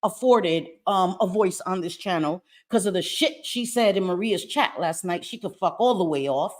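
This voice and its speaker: A woman hosting a livestream in casual chat, brash, profane and animated. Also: lowish voice, normal speed. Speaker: livestream host. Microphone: streaming mic.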